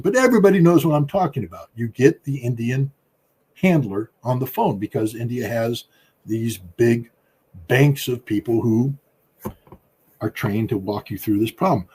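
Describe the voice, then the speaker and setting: A man with a husky, slightly breathy voice gives political commentary. He talks emphatically and combatively. His voice jumps up in pitch and loudness to hammer home his points. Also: lively intonation, moderate pace. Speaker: political commentator, former weapons inspector.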